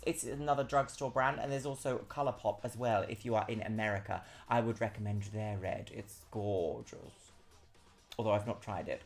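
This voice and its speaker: A woman streaming a game live, chatting casually and playfully, jumping now and then into high squeals.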